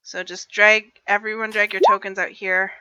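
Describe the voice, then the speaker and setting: Woman, game master, bright close voice, casual online session. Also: medium pitch, flat delivery, clear, resonant tone, no room sound. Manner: casual, quick asides while running the game. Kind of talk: narrating a tabletop game.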